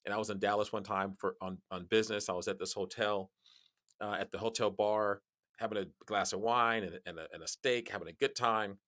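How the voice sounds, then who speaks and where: A man guest on a podcast, telling stories in casual conversation, animated and laughing as he talks, often restarting his sentences. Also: a little fast. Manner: animated storyteller, jumps high in pitch on quoted lines; frequent restarts and laughs while talking.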